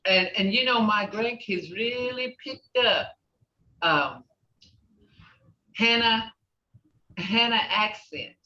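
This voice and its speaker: A woman's voice: on the high side, slow pace, pauses often, pushed and bright. An older woman with an Oklahoma accent, a language teacher chatting through a class, laughing often and acting out sounds. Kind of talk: casual class talk. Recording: distant, dull, roomy sound.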